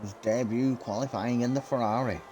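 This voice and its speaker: A man calling sim race laps play-by-play in a calm, encouraging manner. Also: mid-range voice, fairly quick. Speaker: lead sim racing commentator. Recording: steady background noise.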